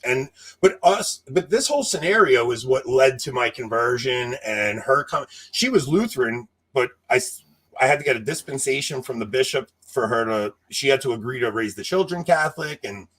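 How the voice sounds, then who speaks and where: A man in his thirties telling a long personal story in casual chat, animated and laughing, acting out what people said. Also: mid-range voice, moderate pace, breathy edge. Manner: animated, laughing, acts out quotes. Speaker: podcast co-host telling a story.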